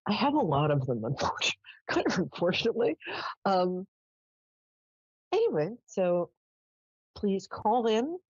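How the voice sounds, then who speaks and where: A woman's voice: medium pitch, big pitch swings, moderate pace, pauses often, darkish tone, slightly rough, dry recording. Female psychic show host; dry, dull lo-fi sound, chatty and affectionate. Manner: chatty storyteller, affectionate with callers. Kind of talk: live call-in psychic show.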